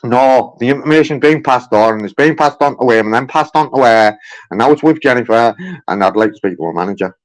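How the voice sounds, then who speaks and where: Calling a call centre from his car, a frustrated man repeats himself and keeps addressing the agent as "mate." He talks quickly at a medium pitch, and the recording is rough.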